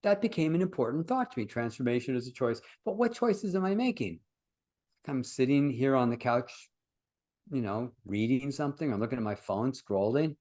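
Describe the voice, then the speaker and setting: A man's voice: medium pitch, lively intonation, moderate pace, a little mellow. An older man, a workshop founder and teacher, talking casually in an interview as an earnest, reflective storyteller.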